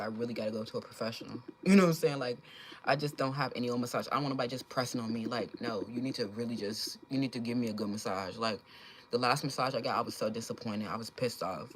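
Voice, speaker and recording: A young woman with a low voice hosts a casual livestream and talks straight to her viewers. She is blunt, swears freely and jokes around, laughing often. A faint hiss sits behind her. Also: poor audio. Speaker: livestream host.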